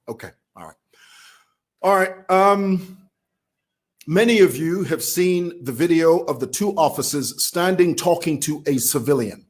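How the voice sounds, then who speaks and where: A man's voice: a little high, lively intonation, a little slow. A man from Zambia with a Zambian accent, talking casually to camera as a vlogger who laughs while he talks. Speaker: vlogger commentator.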